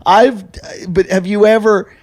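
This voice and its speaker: A man's voice: sits high, unhurried. A man hosting a comedy podcast, telling stories in casual chat and acting out the people in them. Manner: animated, acts out voices in stories.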